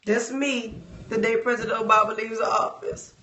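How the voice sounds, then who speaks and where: A woman's voice: a little high, steady tone, moderate pace, roomy sound. A woman talking casually on a live stream, rambling and addressing her viewers. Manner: dramatic mock wailing, shouting and fake crying; loose, rambling, talks to viewers.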